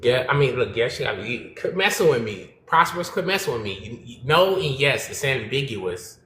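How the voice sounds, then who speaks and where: Guy on a live stream call, slangy and rambling, bright punchy voice, echoey room. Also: mid-range voice, brisk, a little hiss or hum. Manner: animated, slangy, rambling storytelling. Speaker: panel guest on a live stream. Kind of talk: casual chat.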